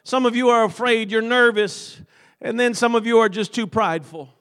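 A man with a notably high-pitched voice preaches with fervor at an ordinary pace. He keeps dropping in amens, alternating between surging shouts and soft, pleading moments.

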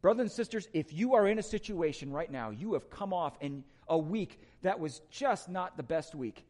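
High-voiced emphatic preacher man. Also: animated, normal speed. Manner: emphatic, rhetorical questions, swings from loud to soft. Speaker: pastor. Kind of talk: sermon.

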